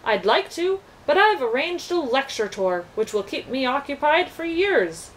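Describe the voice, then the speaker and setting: A woman doing a pompous gruff old bug. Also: high-pitched, big pitch swings, a little slow, a little hiss or hum, voice pushed up, poor audio. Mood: regretful.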